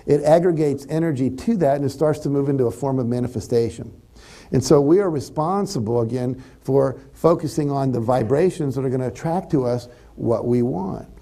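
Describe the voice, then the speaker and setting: Here a Californian motivational speaker talks a little fast in a mellow, medium-pitched voice. His seminar lecture to a live audience is conversational, and he plays out example thoughts as he goes.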